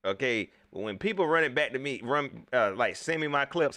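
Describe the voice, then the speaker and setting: A man, hosting a casual live sports talk show, animated and talking straight to his viewers as he reads their chat. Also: mid-range voice, brisk, no room sound. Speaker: sports talk livestream host.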